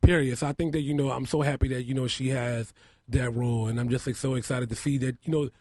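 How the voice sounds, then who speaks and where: A man being interviewed on a radio show in a studio, telling stories about his work with lively energy and acting out what people said. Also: mid-range voice, fast, slightly rough, dry recording. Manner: animated storyteller, acts out quotes loudly. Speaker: makeup artist and house mother, guest.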